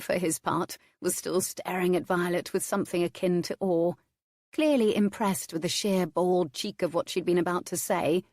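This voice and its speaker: A woman narrating a historical romance in a measured, lightly wry manner on a close studio mic. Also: on the low side, a little mellow, no echo. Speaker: audiobook narrator.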